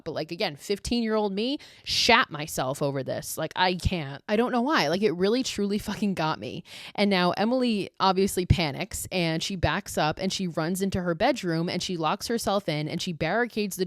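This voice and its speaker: A young adult woman hosting a podcast, recapping a horror movie in a casual, profane, animated way. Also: fairly low pitch, no room sound, clean studio sound. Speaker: podcast host.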